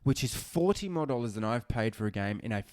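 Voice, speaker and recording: A man co-hosting a casual gaming podcast, animated and ranting, swearing and restarting sentences. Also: mid-range voice, quick pace, no room sound, studio quality. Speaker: podcast co-host.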